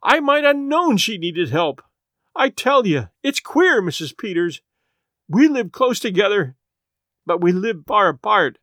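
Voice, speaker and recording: A woman's voice: fairly low pitch, sing-song, measured pace, no echo, clean studio sound, pitched above the performer's own voice. A man reading aloud voices a grieving middle-aged farm wife who talks with impassioned, pleading urgency. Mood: anguished. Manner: impassioned, pleading, voice rising with feeling.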